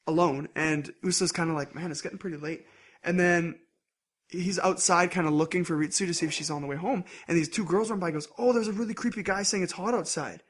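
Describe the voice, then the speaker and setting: Animated man recapping anime. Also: a little high. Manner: animated retelling, acts out character lines in quick voices. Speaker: podcast host. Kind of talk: casual anime recap chat.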